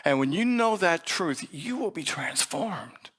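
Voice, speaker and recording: A calm, wise monk teacher , as a preacher puts him on in a parable. He speaks gently and earnestly, at an unhurried, measured pace, in a storytelling sermon. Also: on the high side, husky, voice pushed up, full character voice.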